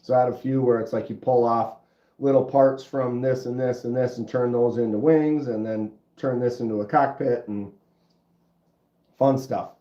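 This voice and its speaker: A middle-aged man with a stuffy nose hosting a casual livestream, chatting with viewers in a laid-back, drawn-out way. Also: mid-range voice, steady tone, mellow. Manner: laid-back, drawn-out, says dude and bro. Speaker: livestream host. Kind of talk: casual livestream chat reading comments. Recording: roomy, dull lo-fi sound.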